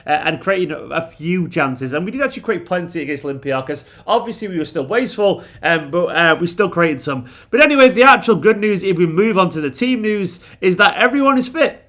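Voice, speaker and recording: Chatty football fan previewing a match. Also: male voice, sits high, animated, a little fast, few pauses, fairly bright tone. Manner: chatty, opinionated, self-mocking asides. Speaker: football fan channel host.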